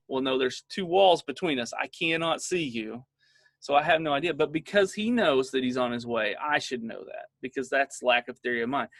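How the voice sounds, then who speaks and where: A man's voice: a little high, moderate pace, fairly bright tone, no room sound. A middle-aged man giving a casual training talk to parents, telling stories with lots of filler words. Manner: conversational, storytelling with filler words.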